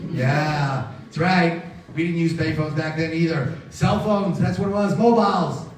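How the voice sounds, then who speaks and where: High-voiced man telling a story in an echoey hall. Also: a little slow, a little hiss or hum. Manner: animated, acts out dialogue in voices. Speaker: guest speaker. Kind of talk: live storytelling talk. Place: large synagogue hall. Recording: echoey hall, mic from far.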